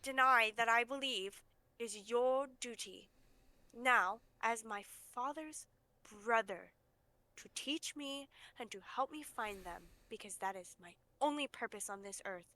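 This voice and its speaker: A stern young heroine, played by a woman, with a high, bright voice. She speaks in a measured, reproachful way. Dry, close sound. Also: no room sound.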